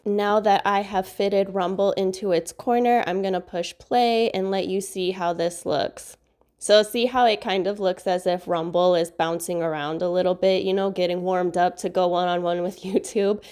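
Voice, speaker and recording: A woman hosting a software tutorial, upbeat and enthusiastic, her voice nasal from a recent cold. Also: fairly low pitch, clean tone. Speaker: video tutorial host. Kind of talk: screen-recorded software tutorial.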